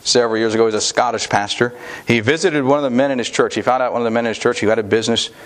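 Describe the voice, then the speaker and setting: A man's voice: mid-range voice, steady tone, rapid-fire. Man preaching a conversational sermon. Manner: conversational preaching with restarts and asides. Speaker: pastor.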